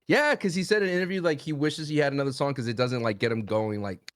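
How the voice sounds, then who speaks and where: A man's voice: medium pitch, quick pace, dry recording, clean studio sound. A man co-hosting a podcast, talking in a chatty, rambling, conversational way. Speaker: podcast co-host. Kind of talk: casual chat.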